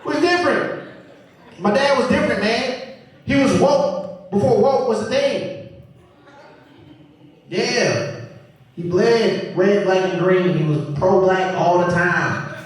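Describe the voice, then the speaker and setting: On a comedy club stage, a man performs stand-up, animatedly telling stories and acting out members of his family. His voice is high, and he takes things slowly with frequent pauses. The live room is very echoey, the mic distant, and audience noise is audible.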